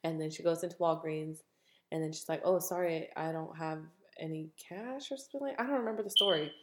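A woman's voice: low-pitched, brisk. A woman co-hosting a podcast, casually retelling a story with plenty of swearing. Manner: profane, chatty retelling of a relative's story. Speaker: podcast co-host. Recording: echoey room.

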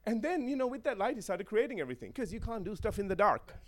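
High, lively, playful male preacher. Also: fast talker. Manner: playful, chuckles often, checks in with the audience. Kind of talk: sermon.

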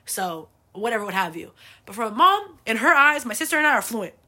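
Bright-voiced woman telling profane stories. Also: on the high side, a little fast. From United States. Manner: animated, profane, laughing. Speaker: podcast host. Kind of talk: casual storytelling.

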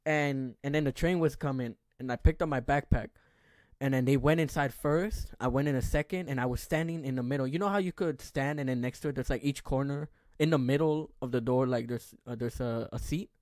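A man's voice: mid-range voice, fairly quick, a little mellow, no echo, clean studio sound. A man in his twenties, a podcast host, telling a rambling, profane story in casual chat.

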